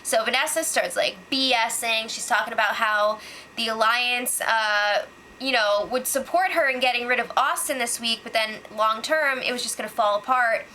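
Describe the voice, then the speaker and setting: A woman's voice: fairly high pitch, normal speed, pushed and bright, slight background noise, poor audio. A young woman casually recapping reality show gossip, sarcastic and full of "like" and "um". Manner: chatty, sarcastic, lots of "like" and "um".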